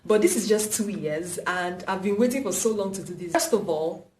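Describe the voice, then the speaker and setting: A woman's voice: medium pitch, normal speed, a little mellow. A young Nigerian woman with a Nigerian accent, giving hair-care tips in a casual vlog and repeating her points for emphasis. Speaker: vlogger. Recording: roomy echo, mic at a distance.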